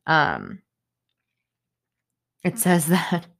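A young woman talks through a solo podcast episode in a low, unhurried voice. She rambles in a loose stream of consciousness, filling gaps with "um" and "like". Her tone stays upset and indignant throughout. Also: huge pitch swings, vocal fry, a bit bright. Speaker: podcast host. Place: home in Boston.

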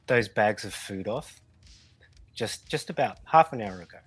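Blunt, animated male co-host. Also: fairly low pitch, moderate pace, breathy edge, dry recording, rough recording. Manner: blunt, emphatic, storytelling. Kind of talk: casual talk-show banter.

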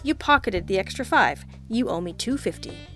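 A woman reading the lines of a wry, deadpan male detective partner in an audiobook, with dry, offhand quips. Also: mid-range voice, moderate pace, soft background music, lightly acted.

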